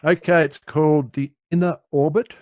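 A man's voice: fairly high pitch, steady tone, moderate pace, a little mellow, dry recording. A middle-aged man explaining meditation in an easygoing, conversational way, often restarting his sentences. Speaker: meditation teacher.

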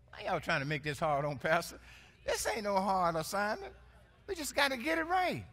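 Preacher man, high bright voice, lots of call and response and joking with the church. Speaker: pastor. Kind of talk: sermon.

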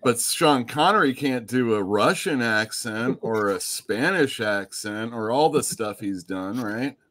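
A man's voice: medium pitch, lively intonation, unhurried, a bit bright. A man co-hosting a livestream, joking about actors and accents. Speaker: livestream co-host. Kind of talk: casual livestream chat.

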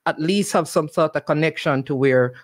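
A man with a Jamaican accent hosts the interview in a reflective, conversational manner. His voice sits a little higher than most men's. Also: moderate pace. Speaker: interview host.

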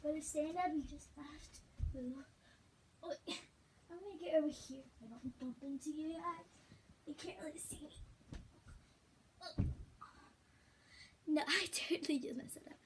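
A woman chatting casually in a gymnastics tutorial vlog, rambling and sometimes dropping into soft, whispery asides. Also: sits high, measured pace, pauses often, noisy background. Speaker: vlogger teaching gymnastics.

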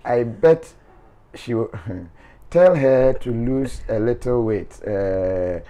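A man's voice: medium pitch, takes it slowly, warm tone. A man, a show host reading viewer comments aloud in a playful, teasing way with frequent laughter.

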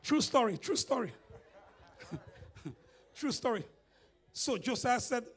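A man with a Grenadian accent preaching a sermon in church, telling a story with laughter and building to shouts. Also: extremely high pitch, big pitch swings, slow pace, long pauses, breathy edge.

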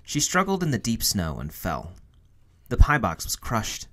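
A man's voice: on the low side, huge pitch swings, unhurried, fairly bright tone. A man reading a children's picture book aloud for a museum storytime, telling it expressively. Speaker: storytime reader.

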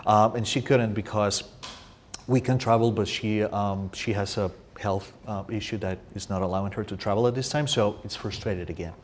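A man from Spain with a Spanish accent, a poetry translator answering audience questions, with lively storytelling and frequent restarts. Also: lowish voice, moderate pace, slight background noise. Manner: restarts often, animated storytelling. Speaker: poetry translator and guest speaker. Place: university room.

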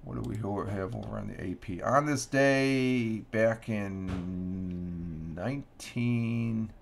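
Low gravelly guy chatting on his morning stream, lots of um and restarts. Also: takes it slowly, soft background music. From Upstate New York. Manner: rambling, many restarts and fillers. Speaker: livestream host. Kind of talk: casual morning chat. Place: home room.

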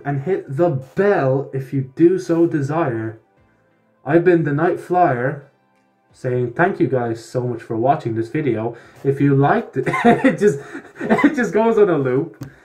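A man's voice: medium pitch, darkish tone. Rambling young man vlogging. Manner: rambling, with laughs and restarts. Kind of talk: casual rambling vlog.

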